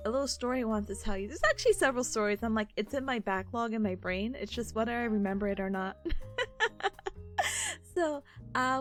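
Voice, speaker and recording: A woman chats casually from home, giggling often as she rambles. Her voice sits high and swings widely in pitch. Faint music plays quietly behind her. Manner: animated, jumps into high-pitched impressions. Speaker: livestream host. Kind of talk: casual study-stream chat. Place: at home, seated.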